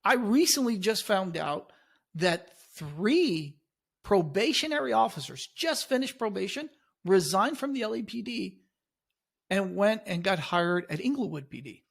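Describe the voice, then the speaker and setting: A middle-aged man as a guest in casual conversation, animated and talking loosely with fillers. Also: sits high, a little slow, vocal fry, husky. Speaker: guest, veteran police officer.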